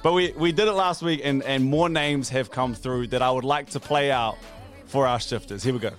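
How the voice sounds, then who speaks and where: A man's voice: mid-range voice, moderate pace, faint music behind. A man hosting a podcast, telling stories in a laid-back, joking way. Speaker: podcast host. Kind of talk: casual chat.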